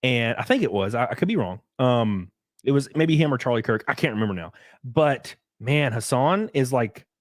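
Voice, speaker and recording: A young man hosting a podcast, chatting casually in an animated, ranting way and mocking others' voices. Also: medium pitch, moderate pace, no room sound, studio quality. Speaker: podcast host. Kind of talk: casual opinionated chat.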